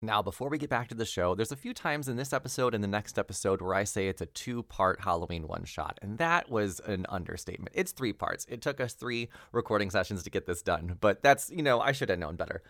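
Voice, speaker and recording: A man's voice: lowish voice, lively intonation, a little fast, few pauses, fairly bright tone, no room sound, clean studio sound. A man hosting a tabletop role-play podcast, chatty and laughing at himself as he reads thanks and announcements. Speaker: game master and podcast host. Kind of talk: podcast announcements and game narration.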